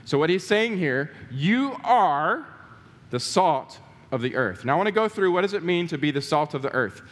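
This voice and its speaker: A male pastor with a lilt preaches in a high, lively voice that swoops up and down as he presses each point. He repeats key words for emphasis and throws questions to the congregation. The sound carries a long church-hall reverb. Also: normal speed. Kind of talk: sermon. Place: church sanctuary.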